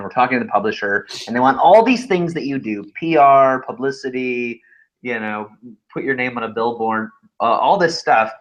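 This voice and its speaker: A man in his thirties co-hosting a webinar in casual chat, telling animated stories with frequent laughs. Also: medium pitch, normal speed. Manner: animated storytelling, laughs often. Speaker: webinar co-host, author. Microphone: video call. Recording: slightly dull lo-fi sound.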